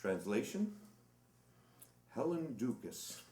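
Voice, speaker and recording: A man's voice: medium pitch, very animated, slow pace, dark tone. A man on a live stage telling rambling, chuckling anecdotes with plenty of fillers. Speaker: stage performer telling stories. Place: live stage in a reverberant hall. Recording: echoey live hall, distant mic, faint noise.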